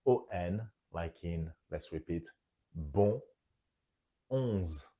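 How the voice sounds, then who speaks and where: A man's voice: deep voice, expressive, very slow, mellow. A man with a French accent teaching French nasal vowels, demonstrating each sound carefully. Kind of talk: scripted pronunciation lesson.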